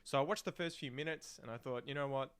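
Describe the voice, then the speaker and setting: A man with an Australian accent explains local expressions in a chatty, teacherly way, acting out little example exchanges. His voice sits at a middle pitch for a man. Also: fast talker, fairly bright tone, clear, resonant tone. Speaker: English-teaching YouTuber. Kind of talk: reaction video commentary.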